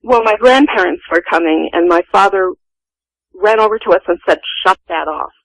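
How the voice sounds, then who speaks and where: A woman's voice: medium pitch, moderate pace, no room sound, rough recording. A woman in her sixties, a guest telling a personal family story in an earnest, vivid way.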